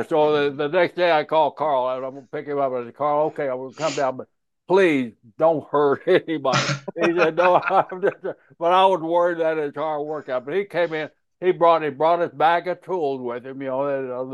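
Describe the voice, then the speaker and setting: A man's voice: a little high, steady tone, normal speed, smooth, dry recording, highs cut off. A man hosting a casual podcast chat, retelling old stories with plenty of laughter. He acts out both sides of past conversations. His voice sits close and dry, with no room sound. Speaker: host.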